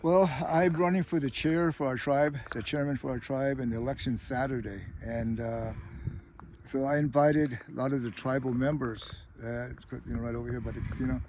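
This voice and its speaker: A man's voice: medium pitch, steady tone, normal speed, a little mellow, slight background noise, poor audio. A middle-aged man talking through personal stories in a casual interview, rambling and dropping "you know" again and again. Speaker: tribal chair candidate.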